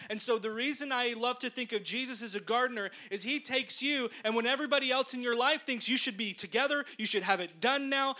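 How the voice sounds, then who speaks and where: Male pastor, high bright voice, casual animated sermon. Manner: conversational, animated storytelling.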